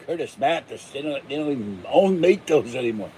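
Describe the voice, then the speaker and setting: A man's voice: medium pitch, lively intonation, moderate pace, few pauses, breathy edge. A man hosting his own vlog in a rambling, jokey, casual way. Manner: rambling, jokey, breaks into growled pirate shouts. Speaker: channel host.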